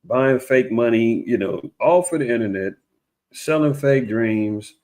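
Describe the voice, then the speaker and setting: A man giving casual religious commentary online, rambling and preachy, with frequent restarts and mocking raised-pitch impressions of others. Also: expressive, measured pace, a little mellow.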